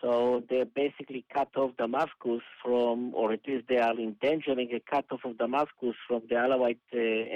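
A man explains events in a measured, halting way, filling pauses with small hesitations. His voice comes through a dull, lo-fi line with little room sound. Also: mid-range voice, fairly even intonation, no echo. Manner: measured, hesitant with many uhs. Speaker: analyst guest. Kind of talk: phone interview commentary.

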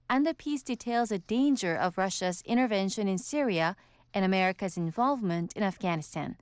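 A woman's voice: medium pitch, clean tone, no echo, studio quality. A female correspondent delivering a scripted social media news update.

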